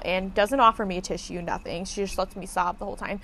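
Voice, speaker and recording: A woman's voice: mid-range voice, steady tone, fast, a bit bright. A woman telling a casual story as a podcast host, blunt and profane as she vents her frustration.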